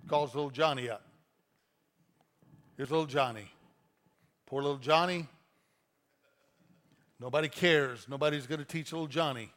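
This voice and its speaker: A man preaching a sermon as pastor, conversational and animated, telling stories and acting out little quoted lines. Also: a little high, measured pace, long pauses.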